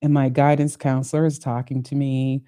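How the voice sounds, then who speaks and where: A woman in her later years hosting her own podcast, telling her life story in an animated way with frequent laughter. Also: rumbling low, moderate pace. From Ohio, United States. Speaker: podcast host. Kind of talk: solo podcast monologue.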